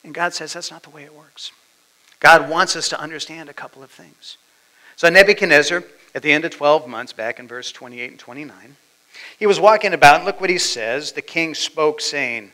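A male pastor preaching a sermon, dramatically swinging between loud declarations and hushed asides. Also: a little high, moderate pace, low-quality recording.

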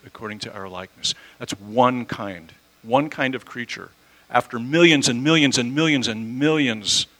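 A man's voice: medium pitch, bright, forceful tone, rough recording. A man preaching a conversational teaching sermon, using homely examples and correcting himself as he goes.

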